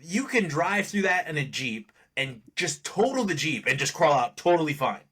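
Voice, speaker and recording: A man's voice: fairly high pitch, very animated, normal speed, a bit bright, husky. Wry, laughing man reviewing a movie. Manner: wry, sarcastic, often laughing. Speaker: podcast co-host. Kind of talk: casual movie review chat.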